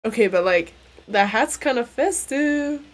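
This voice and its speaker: A young woman streaming a game, chatting casually in a crude, joking and excitable way. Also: fairly high pitch, measured pace. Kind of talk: casual gameplay stream chat.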